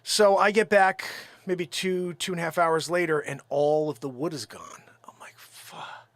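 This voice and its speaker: A man's voice: on the high side, moderate pace, dry recording. A man hosting his own live stream, telling a story casually and acting out the quotes in it. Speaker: livestream host and drum builder.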